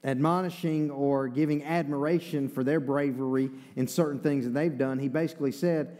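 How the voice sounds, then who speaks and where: This Eastern North Carolina pastor delivers his sermon in a folksy, chatty style full of asides. His voice is fairly high and mellow, steady in tone and moderate in pace, ringing with the long reverb of the church sanctuary.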